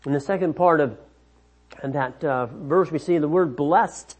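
A man preaching a sermon, slow and measured, often restarting his phrases. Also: on the high side, a little mellow, slightly rough.

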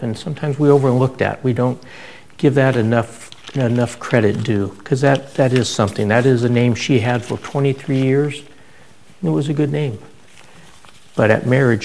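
A man's voice: medium pitch, vocal fry, darkish tone, rough recording. A middle-aged man preaching a sermon, telling stories in a conversational way with frequent restarts. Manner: conversational storytelling with many restarts.

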